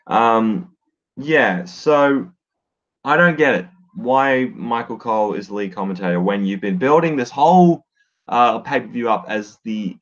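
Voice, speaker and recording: Casual male podcaster, low voice, dull lo-fi mic, blunt and sweary. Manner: blunt, swears freely, many fillers. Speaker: wrestling podcaster. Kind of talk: casual solo commentary. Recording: dull lo-fi sound.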